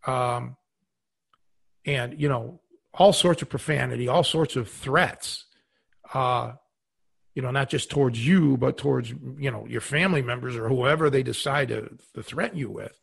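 A man's voice: medium pitch, moderate pace, vocal fry, a bit bright, breathy edge. A man co-hosting a podcast, talking casually with many fillers and giving earnest advice. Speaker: podcast co-host.

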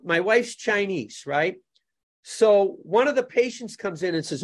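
A man's voice: high-pitched, animated, unhurried. Jokey man. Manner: jokey storyteller, laughs at his own stories. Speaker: guest jujutsu instructor. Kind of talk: casual podcast chat.

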